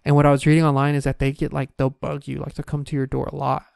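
A man in his twenties telling a story in a casual, profane, animated rant. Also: fairly high pitch, fast talker, creaky, smooth, no room sound, clean studio sound. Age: 20s.

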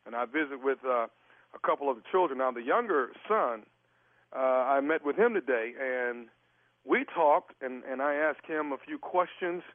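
A man's voice: mid-range voice, moderate pace, dry recording, lightly acted. A man playing a formal, insistent child services caseworker in a prank phone call. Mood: stern. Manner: formal, insistent, keeps saying sir. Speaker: prank caller. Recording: tinny phone line.

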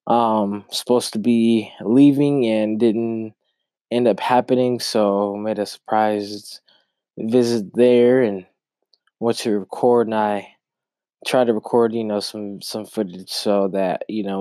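A man's voice: lowish voice, dark tone, dry recording. A young man hosting a podcast alone, telling a rambling, casual story and often repeating himself. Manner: rambling, repeats words while recounting a story. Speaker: podcast host.

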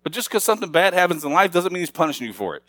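A middle-aged man preaching a sermon. His voice sits a little high, and he moves from easy, chatty asides to emphatic, raised points. The sound is close and dry, with no room echo. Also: sing-song, rapid-fire, fairly bright tone. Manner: conversational preaching that swells to emphatic, raised passages. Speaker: pastor.

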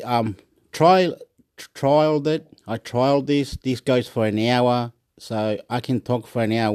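A man's voice: medium pitch, a little mellow, dry recording, studio quality. An Australian man hosting a solo podcast, rambling and restarting as he talks into his phone's recording app. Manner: rambling, restarts often, mixes in Spanish greetings. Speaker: podcast host.

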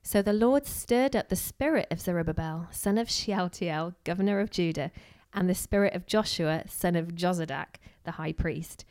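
A woman's voice: on the low side, normal speed, few pauses, a little mellow. A woman giving a casual, chatty sermon, acting out quotes and dropping in asides. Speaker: preacher.

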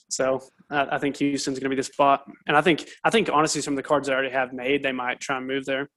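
A man in casual podcast conversation, easygoing and rambling. He drifts through stories with loose fillers, at an ordinary middle pitch. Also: little pitch movement, fast, fairly bright tone. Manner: laid-back, rambling, storytelling. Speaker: co-host.

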